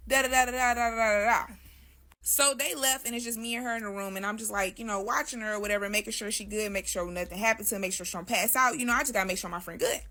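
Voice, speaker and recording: A woman's voice: medium pitch, rapid-fire, hardly any pauses, sharp tone. A woman as a guest, casually telling her own story in loose, slangy speech and often addressing listeners as "y'all".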